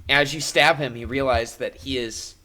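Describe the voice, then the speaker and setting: A man's voice: medium pitch, fairly even intonation, moderate pace, bright, forceful tone. A man narrating a live-streamed tabletop game as game master, playful and jokey, with frequent fillers.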